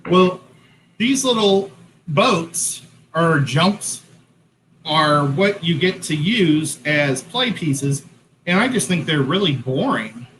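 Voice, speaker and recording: A man's voice: on the high side, lively intonation, slow, a bit bright, slight background noise, poor audio. A man co-hosting a casual livestream, chatty and self-correcting as he sets up and explains his painting. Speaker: co-host. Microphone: headset-style hat cam mic.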